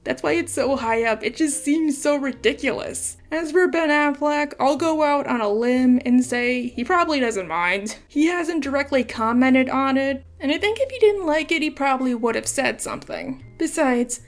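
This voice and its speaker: A woman narrating a comedic video essay with playful, sarcastic asides and quick apologies. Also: high-pitched, expressive, faint music behind.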